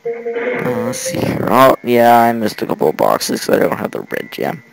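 A man's voice: mid-range voice, huge pitch swings, normal speed, gravelly, low-quality recording. A thirteen-year-old American boy giving rambling let's play commentary with chatty, giggly asides. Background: faint game music.

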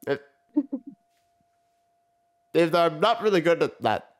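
A man's voice: a little high, big pitch swings, takes it slowly. A man hosting a casual gaming video, playful and laughing often as he chats through a match. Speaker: gaming channel host. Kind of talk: casual gameplay chat.

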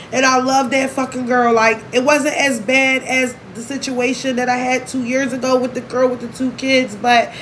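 A woman's voice: sits high, fairly bright tone, a little hiss or hum, rough recording. A young woman talking candidly and emotionally to her vlog audience, swearing freely as she speaks. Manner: candid, emotional, profane, fast-shifting. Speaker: vlogger. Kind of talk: emotional casual vlog talk.

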